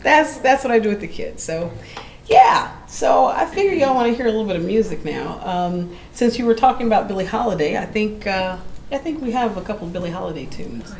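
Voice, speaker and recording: A middle-aged woman from Oakland, a jazz vocalist and educator, tells stories to a live audience. She is animated and lets her pitch leap as she acts out the people she quotes. The sound is roomy, with faint ambience from the gallery behind her. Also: a little fast, gravelly, a little hiss or hum. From Oakland, California. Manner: animated, acts out quoted voices, laughs easily. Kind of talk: storytelling between songs at a live gallery show. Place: gallery event space.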